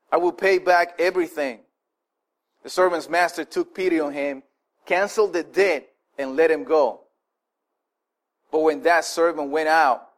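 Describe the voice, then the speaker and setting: A male preacher teaching on forgiveness in a relaxed, conversational way, often restarting phrases and asking the listeners questions. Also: fairly high pitch. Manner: informal, repeats and restarts, asks the listeners questions. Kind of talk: casual conversational sermon.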